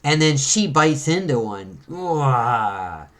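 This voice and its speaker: A man in casual conversation, reading a comic book aloud and dropping into quick little voices for its characters as he goes. His voice sits at a middle pitch. He talks in an easy, chatty way. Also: expressive. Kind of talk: casual read-through of a comic.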